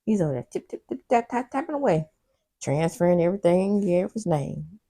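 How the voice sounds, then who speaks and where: A woman's voice: fairly low pitch, expressive, brisk, mellow. A woman doing a casual TV recap vlog, sassy and talking back at the characters, with personal side stories. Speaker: TV recap host.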